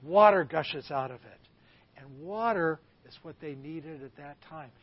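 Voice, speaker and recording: A man's voice: on the high side, a little slow, breathy edge. A man as a guest preacher delivering a sermon, telling the story with dramatic emphasis. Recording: slightly muffled dry recording.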